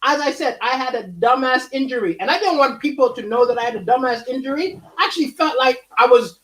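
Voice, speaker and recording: A fast-talking man streams a stand-up comedy monologue live from home, bouncing through wide pitch swings with animated energy and chuckling between punchlines.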